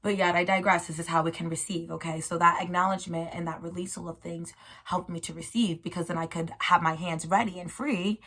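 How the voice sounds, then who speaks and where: A woman's voice: on the low side, fairly even intonation, brisk, a bit bright. A woman hosting a casual solo chat about spirituality, rambling and playful, with slangy, encouraging talk to her listeners. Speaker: host.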